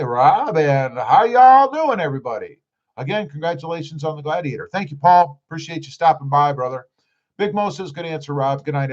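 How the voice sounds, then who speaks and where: A man hosting a casual live stream, reading viewer comments aloud in an easygoing, drawling way with lots of "uh" fillers. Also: fairly high pitch. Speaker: YouTube live-stream host. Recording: dull lo-fi stream audio.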